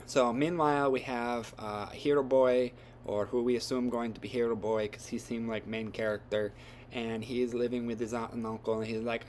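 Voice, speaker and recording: A man's voice: mid-range voice, fairly even intonation, moderate pace, a little mellow, slight background noise. A man retelling a story from memory in a casual, rambling way with loose grammar and lots of fillers.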